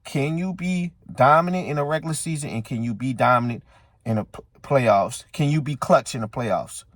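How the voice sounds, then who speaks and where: With a mid-range voice at normal speed, a sports channel host airs his opinions in a casual but heated rant aimed at his audience, circling back over the same arguments. The sound is clean studio audio without echo.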